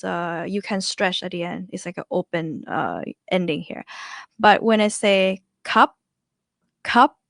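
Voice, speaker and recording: A woman's voice: medium pitch, gravelly, dry recording, clean studio sound. A young woman with a Thai accent, teaching pronunciation in a chatty way and repeating syllables to show each tone. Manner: chatty, demonstrates tones by repeating syllables, laughs often. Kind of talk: casual online language lesson.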